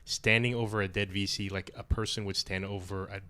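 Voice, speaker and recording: A man's voice: on the low side, level tone, brisk, bright, forceful tone. A man on a comics podcast, chatting casually in a laid-back way and laughing often. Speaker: podcast co-host. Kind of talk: casual chat.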